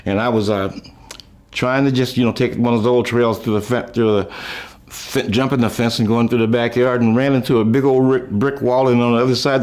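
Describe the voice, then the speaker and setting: An older man reminiscing about his life, telling rambling, folksy stories with chuckles, trailing off and restarting, and lifting his voice high when he quotes people. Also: a little mellow. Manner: raises his voice high when quoting others. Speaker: musician recalling his life. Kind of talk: rambling storytelling.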